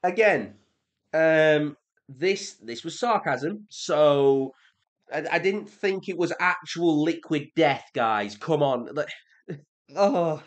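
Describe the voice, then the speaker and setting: A young man with an English accent, chatting casually as he reacts to comments, sarcastic and prone to exasperated high-pitched rants. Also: lively intonation, takes it slowly. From England. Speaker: reaction video creator.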